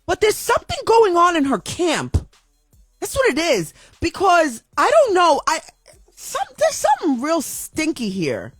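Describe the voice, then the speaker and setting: A woman's voice: very high-pitched, huge pitch swings, unhurried, no room sound, soft background music. A woman ranting in an emotional opinion vlog, upset and repeating herself with frequent restarts. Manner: impassioned, repetitive ranting with many restarts. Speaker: video commentator.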